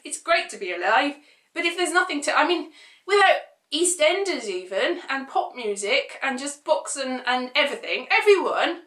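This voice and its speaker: Bright-voiced woman, rambling and opinionated. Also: high-pitched, echoey room. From United Kingdom. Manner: rambling, opinionated, sarcastic asides. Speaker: vlogger. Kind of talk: casual chat to camera.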